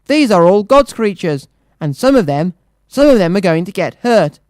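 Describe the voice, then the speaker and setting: A reader doing a gentle old monk. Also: medium pitch, very animated, normal speed, no room sound, studio quality, pitched above the performer's own voice, natural voice. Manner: mild, pleading, sighing. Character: gentle old monk, a kind and patient man.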